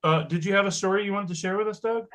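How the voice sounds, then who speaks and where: Easygoing podcast host, middle pitch, keeps it light and upbeat. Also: very fast, a bit bright. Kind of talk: casual chat.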